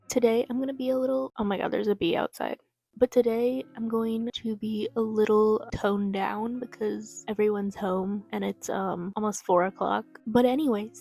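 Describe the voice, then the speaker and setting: Young woman with a gravelly fry. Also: fairly high pitch, a little mellow. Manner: chatty, swears freely, easily distracted. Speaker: book vlogger. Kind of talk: casual chat. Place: at home.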